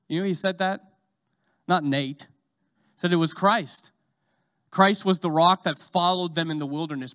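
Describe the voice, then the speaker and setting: A man preaching a sermon, swinging from loud, fast urging to slow, hushed lines. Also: fairly high pitch.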